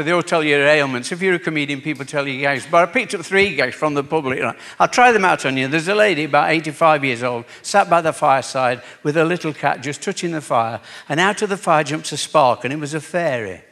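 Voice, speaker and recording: A man's voice: fairly high pitch, fairly quick, few pauses. A man, telling jokes in a chatty, playful stand-up act on a theatre stage. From Yorkshire, England. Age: 70s. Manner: chatty, relaxed, playful storyteller. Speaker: stand-up comedian.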